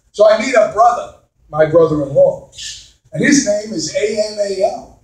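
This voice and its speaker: Brash high-voiced comic over fifty. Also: male voice, lively intonation, moderate pace, distant mic. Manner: brash, crude, shouts punchlines. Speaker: stand-up comedian. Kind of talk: stand-up comedy set. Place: comedy club. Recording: echoey club recorded from afar.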